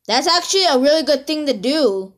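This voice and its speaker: A woman rambling excitedly through casual reaction commentary, talking straight to her viewers. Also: sits high, a little fast. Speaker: reaction video host. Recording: music under the voice. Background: video music playing.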